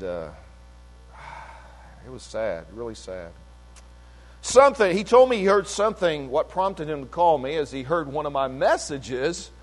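Animated older preacher in a reverberant hall. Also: male voice. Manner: animated, swings between emphatic peaks and low asides. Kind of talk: sermon-style testimony.

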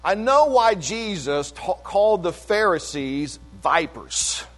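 An older man preaching and telling a story, swinging between emphatic peaks and low asides, with a lot of repetition. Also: very animated, slow, a bit bright, soft background music. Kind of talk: sermon-style testimony. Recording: long hall reverb.

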